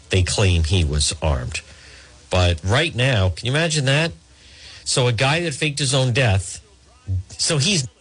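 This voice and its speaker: Husky, sarcastic talk radio host. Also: male voice, medium pitch, a bit bright. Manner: sarcastic, rambling, with mock quotes and asides.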